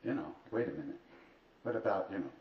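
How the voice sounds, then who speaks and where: A man's voice: sits low, expressive, a little fast, a little hiss or hum. A man at a retreat telling humorous stories to an audience, with wry, dry asides and self-mocking humor. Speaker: spiritual teacher speaking at a retreat. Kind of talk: humorous storytelling talk to an audience. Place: retreat hall. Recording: distant, roomy, dull live hall recording with faint ambience.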